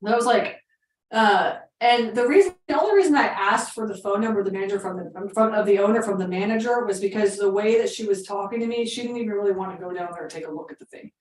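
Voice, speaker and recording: A woman's voice: mid-range voice, fast, recorded from a distance. Chatty woman in a roomy space. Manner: chatty, filler-heavy retelling with quoted dialogue. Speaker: real estate investing coach. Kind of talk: casual storytelling to an audience.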